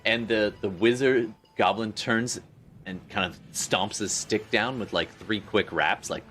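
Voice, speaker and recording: A man's voice: lowish voice, a little slow, faint music behind. A man running a tabletop game as game master, describing the action animatedly. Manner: animated, vivid scene-setting with frequent laughter.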